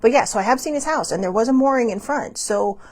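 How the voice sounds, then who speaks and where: A woman's voice: on the high side, lively intonation, fast talker, darkish tone. A woman hosting a podcast, chatting casually and rambling through stories with lots of asides. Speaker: podcast host. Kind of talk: casual storytelling monologue.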